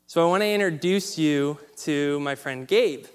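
Animated male speaker in a reverberant hall. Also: sits high, normal speed, hardly any pauses, clear, resonant tone. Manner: animated storyteller acting out quotes. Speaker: motivational speaker. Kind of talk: storytelling speech on stage.

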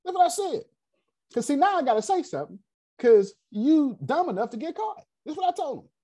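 A man leading a class in a casual, animated way, telling stories and talking straight to his audience. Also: very high voice, fairly quick. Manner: animated, digressive, addresses the audience directly. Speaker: class leader. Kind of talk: casual teaching and storytelling.

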